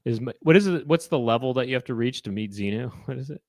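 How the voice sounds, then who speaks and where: A man's voice: expressive, quick pace, no echo, studio quality. A middle-aged man co-hosting a casual comedic chat, rambling and breaking into impressions. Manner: rambling, launches into loud high-pitched impressions. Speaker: co-host.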